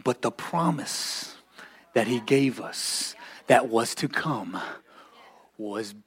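A man preaching a sermon as pastor, building to shouted lines and calling on the congregation to repeat after him. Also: mid-range voice, takes it slowly, husky. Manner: preaching, often rising to shouts, calls for congregation responses.

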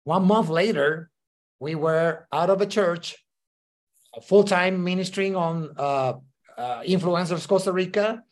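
A man with as his tells his story as a podcast guest. He leans on lots of "uh" fillers and acts out the voices of the people he quotes. His voice sits a little higher than most men's. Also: a little slow. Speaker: ministry leader, guest. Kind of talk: casual interview storytelling.

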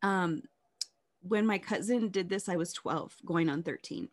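A woman telling her life story in an interview, candid and reflective, often halting and restarting. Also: fairly low pitch.

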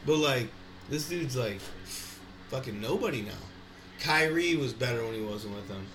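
Casual male co-host, bright tone, rambling sports and dog talk energy, echoey room recording. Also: medium pitch, normal speed. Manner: rambling, profane, animated. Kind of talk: casual chat. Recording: echoey room, faint background noise.

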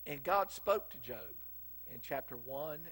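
A middle-aged Southern preacher with a husky, slightly breathy voice at an ordinary pitch. He tells homespun stories in a folksy drawl and breaks into loud emphatic bursts. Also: animated, a little slow. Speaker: pastor. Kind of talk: sermon.

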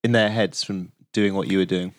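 A man interviewing a guest, asking measured, thoughtful questions. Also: low voice, fairly even intonation, no echo, clean studio sound.

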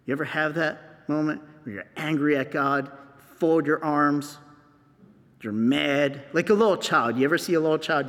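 A male priest giving a homily, telling a scripture story slowly and acting out its scenes. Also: a little high, fairly bright tone, in a large hall.

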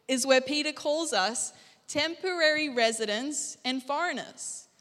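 A young Australian woman preaching in a chatty, jokey way, tossing questions out to the congregation. Her voice sits high and sounds crisp and ringing. A long church-hall reverb trails after her words. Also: pushed and bright. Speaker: guest preacher. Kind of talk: conversational sermon. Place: church auditorium.

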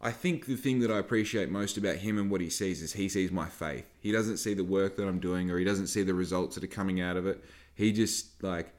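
A young man with a low, steady voice talks fairly quickly as he hosts a podcast. A small business owner, he tells a story in a casual, rambling way, swearing freely throughout.

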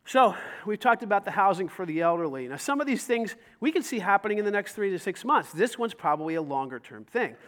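A man preaching a sermon as pastor, telling stories with lively acted-out dialogue and rising to loud emphasis. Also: high voice, fast, hardly any pauses. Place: church sanctuary.

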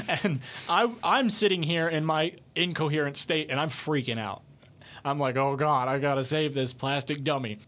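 Young man, podcast co-host, joking storyteller, slightly high voice. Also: moderate pace. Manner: joking storyteller, animated retelling. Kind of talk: casual podcast chat.

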